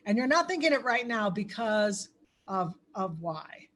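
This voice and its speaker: Woman, crisis trainer, conversational lecture, filler ums, questions to the audience, mid pitch. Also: big pitch swings, a little slow, a bit bright.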